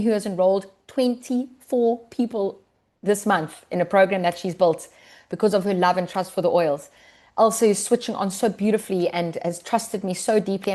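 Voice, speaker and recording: A woman's voice: mid-range voice, mellow. A woman giving a heartfelt recognition speech on a business call, earnest and emotional, close to tears. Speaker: wellness business leader sharing her success.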